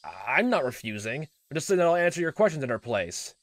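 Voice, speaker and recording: A man voicing an abusive, short-tempered middle-aged uncle who snaps and shouts in a raised, higher voice. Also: big pitch swings, brisk, natural voice. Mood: angry, defensive. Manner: loud, snapping, bullying.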